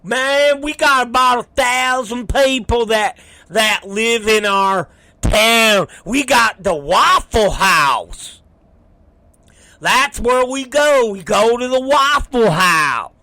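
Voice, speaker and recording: A man voicing a naive, excitable small-town hillbilly who gushes about simple things in a drawn-out, awestruck way. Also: very high-pitched, dry recording, heavily acted. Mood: boastful.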